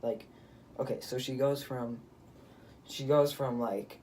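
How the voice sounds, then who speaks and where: Mellow-voiced teenage guy telling a story. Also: medium pitch, fairly even intonation, slow, pauses often, far from the mic, slight background noise. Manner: rambling retelling with many fillers and restarts. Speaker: vlogger. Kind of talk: casual story time.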